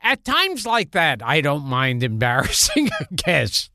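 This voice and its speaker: A woman's voice: low-pitched, huge pitch swings, a little slow, sharp tone, a little hiss or hum. A woman co-hosting a talk show, chatting casually and laughing easily. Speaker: co-host. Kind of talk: casual chat.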